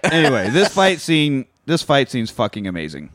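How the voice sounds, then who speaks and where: A man casually retelling a movie plot on a podcast, swearing often and animated. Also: medium pitch, normal speed, no echo. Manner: profane, animated retelling with acted quotes. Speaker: podcast co-host. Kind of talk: casual movie recap chat.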